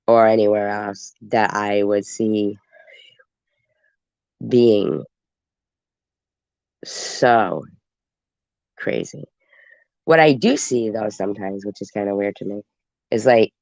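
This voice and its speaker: A congested man hosts a livestream, rambling casually and speaking straight to his viewers. His lowish voice is clear and resonant, with no room sound, though the stream audio is dull and lo-fi.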